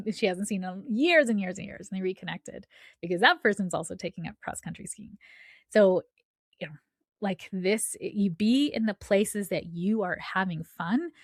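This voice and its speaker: Woman, spiritual podcast host, casual and chatty, gravelly fry, dry close recording. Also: fairly low pitch, no echo. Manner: chatty, often asks "right?".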